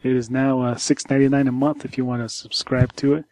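A man co-hosting a casual tech podcast, rambling and halting with many restarts as he chats about the news. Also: mid-range voice, little pitch movement, a little mellow, no room sound. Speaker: podcast co-host.

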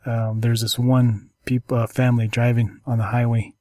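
Hosting a laid-back conversation, this man stumbles along with frequent ums and restarts as he shares stories and walks through apps. His mid-range voice is warm and flat in delivery, with no echo.

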